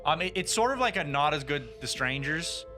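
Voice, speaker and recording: A man's voice: fairly high pitch, lively intonation, brisk, music in the background. A man hosting a casual movie review podcast, chatty, laughing often and swearing freely. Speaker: podcast host.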